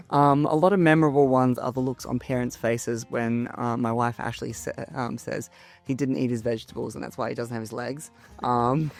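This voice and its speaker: A young Australian man talking as a guest in a casual interview, relaxed, with many ums and easy laughter. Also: medium pitch, a little fast, creaky, faint music behind. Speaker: Paralympic swimmer, guest.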